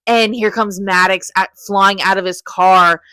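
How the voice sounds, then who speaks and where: A woman's voice: medium pitch, steady tone, a little slow, pushed and bright, clear, resonant tone. A young woman co-hosting a podcast, retelling stories with animation and swearing freely in casual chat. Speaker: podcast co-host.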